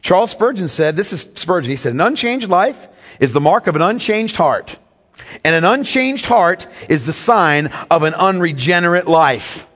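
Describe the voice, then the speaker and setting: A man's voice: high-pitched, expressive, normal speed, fairly bright tone, in a large hall. A man preaching a sermon as pastor, emphatic and teaching, often asking the congregation questions.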